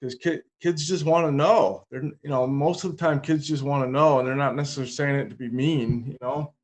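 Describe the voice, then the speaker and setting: A man's voice: mid-range voice, fairly even intonation, a little fast. Man telling stories with dry humor. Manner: humorous anecdotes, dry comic timing. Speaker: podcast guest. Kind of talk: casual interview storytelling.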